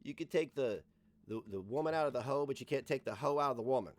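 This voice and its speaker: A man's voice: mid-range voice, animated, fast, heavy background noise. A man streaming, riffing crudely and jokingly over old commercials.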